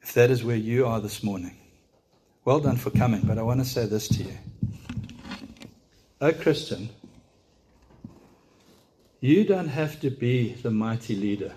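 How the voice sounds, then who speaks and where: A man's voice: medium pitch, measured pace, pauses often, mellow, slight background noise. A man preaching a sermon in church, speaking earnestly and directly to his congregation, with frequent rhetorical questions.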